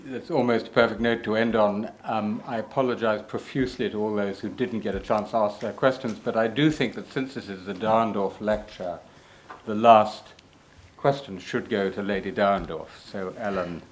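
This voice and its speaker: A man chairing a lecture Q&A in a lecture hall, brisk and polite as he passes the microphone. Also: lowish voice, fairly even intonation, slight background noise. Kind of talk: moderating a Q&A.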